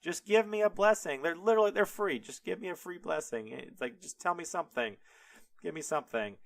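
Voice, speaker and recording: A man's voice: mid-range voice, flat delivery, a little slow, vocal fry, fairly bright tone. A man voicing a big, hairy hunter son who begs his father in a whiny, pleading tone.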